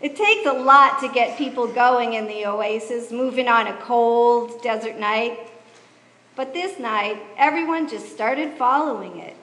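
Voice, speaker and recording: A woman narrating a church pageant in a lively, folksy storytelling manner. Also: fairly high pitch, a little slow. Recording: echoey church hall, reverb.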